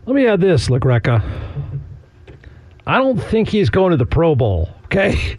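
A man's voice: sits high, sing-song, moderate pace, a little mellow, dry recording. A man hosting a sports talk radio show, chatting casually in a sarcastic, rambling way with frequent chuckles.

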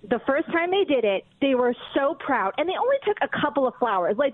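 A woman's voice: high-pitched, no room sound. A woman calling in to a radio show as a mother, talking defensively with a lot of "like" and "um". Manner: defensive, full of "like" and "um". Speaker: caller, mother. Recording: tinny dry phone line.

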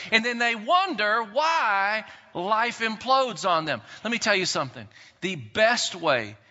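A pastor preaching a sermon in an animated way, acting out quotes and swinging between loud and soft. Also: male voice, high voice. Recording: dull sound in a long-reverb hall.

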